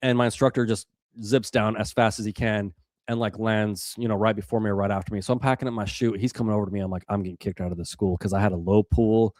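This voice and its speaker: A man's voice: lowish voice, fast talker, dry recording. A man in his forties from the Rocky Mountains, telling a story in casual chat with lots of fillers and acted-out quotes. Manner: animated, acts out quotes, many fillers and restarts. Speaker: podcast guest, former special operations weatherman.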